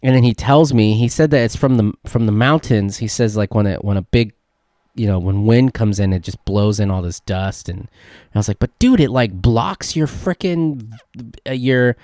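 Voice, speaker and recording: A young man hosts a casual solo podcast, rambling through an excitable story packed with "dude" and "like." His voice sits on the low side and sounds dry and close, with no room around it. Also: normal speed, no room sound. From California. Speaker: podcast host.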